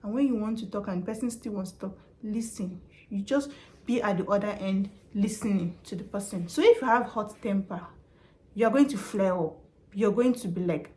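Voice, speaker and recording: A woman's voice: mid-range voice, moderate pace, dark tone. Chatty woman. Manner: chatty and emphatic, repeats points. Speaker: vlogger and customer service worker. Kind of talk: casual advice vlog.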